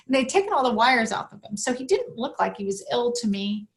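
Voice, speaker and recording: Earnest storytelling woman, higher voice. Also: quick pace, hardly any pauses. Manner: earnest, animated, acts out the voices in her story. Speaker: podcast guest. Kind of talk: emotional personal storytelling.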